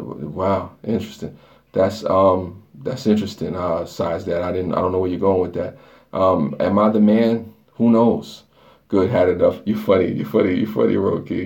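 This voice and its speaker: A man with a very low, gravelly voice hosts a casual live stream. He rambles loosely, jokes and answers his viewers' comments one by one. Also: a little mellow. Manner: loose, rambling and joking, reading chat aloud. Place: dark bathroom lit by a flashlight.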